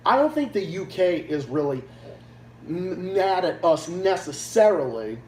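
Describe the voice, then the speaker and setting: A man from Massachusetts delivers a heated, profane and blunt livestream rant in a high-pitched voice, swinging widely in pitch but keeping a measured pace. An echoey room, a faint hum and a distant mic color the sound.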